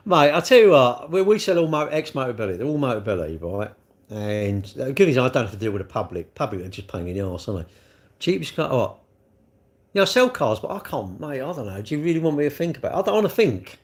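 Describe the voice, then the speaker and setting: A man talks loosely to his live stream, rambling from one thought to the next. He jokes at his own expense and answers comments as they come in. His voice sits at an ordinary middle pitch. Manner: rambling, jokey, self-deprecating. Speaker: livestream host. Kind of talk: casual chat reading live comments.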